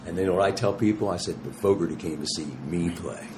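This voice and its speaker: Animated, slangy older man telling stories. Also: deep voice, fast, noisy background. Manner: animated, slangy storyteller who acts out quotes. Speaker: touring rock musician, guest. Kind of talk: casual interview storytelling.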